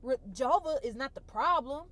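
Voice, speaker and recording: Tearful and fighting to keep her composure, a woman vlogger tells a personal story in casual, expressive language, circling back to the same phrases to stress them. She speaks at a high pitch and a fairly quick pace.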